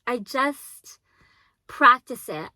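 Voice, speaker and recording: Bright, emphatic young woman vlogger. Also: fairly high pitch, expressive, extremely slow, no room sound. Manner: emphatic, repeats phrases, swears casually. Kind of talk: casual advice monologue.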